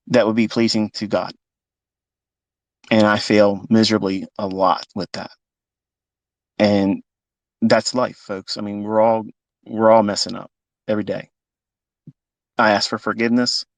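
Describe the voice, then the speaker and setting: A man's voice: on the low side, creaky, no echo. A fifty-year-old man, a trading mentor, speaking off the cuff in a live audio talk, emotional and blunt and swearing freely. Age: 50s.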